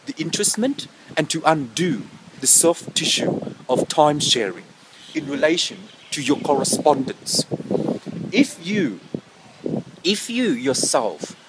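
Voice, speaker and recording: A man's voice: on the high side, big pitch swings, a little slow, background noise. A man talking to camera outdoors, rambling through invented technical jargon and stopping often to correct his own words. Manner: rambling, self-correcting, meows between phrases. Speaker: vlogger. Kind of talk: rambling pseudo-technical monologue. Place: outdoors in wind.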